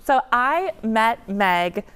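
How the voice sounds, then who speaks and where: An American woman, an author guest on a talk show, telling stories in a bubbly, expressive way. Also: a little high, very slow, clear, resonant tone. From United States.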